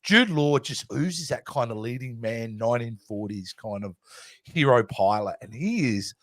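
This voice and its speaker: A man's voice: medium pitch, expressive, normal speed, dry recording. A man co-hosting a casual film review chat, hesitant and full of restarts. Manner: chatty, hesitant, with many restarts. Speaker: podcast co-host.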